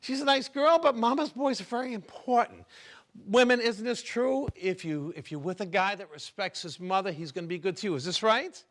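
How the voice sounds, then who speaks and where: A man's voice: high voice, brisk, fairly bright tone. A middle-aged man doing a stand-up set, chatty and teasing the audience. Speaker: stand-up comedian. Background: audience laughter.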